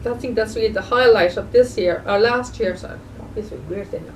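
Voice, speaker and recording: A woman video blogger speaking in a casual, halting way, full of fillers and restarts, and sounding emotional and grieving. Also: mid-range voice, distant mic, a little hiss or hum, poor audio. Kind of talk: casual spoken remembrance.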